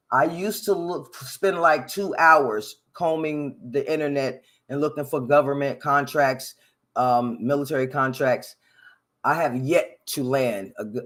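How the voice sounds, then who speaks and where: A man talks through a history topic on his own, wandering into tangents and correcting himself as he goes. His voice sits a little high, and he swings between low mutters and loud, lively bursts. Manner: rambling, self-correcting, joking asides; loud animated bursts, sound-effect "ding" noises. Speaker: podcast host. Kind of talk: unscripted solo history commentary. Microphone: headphones and desk mic.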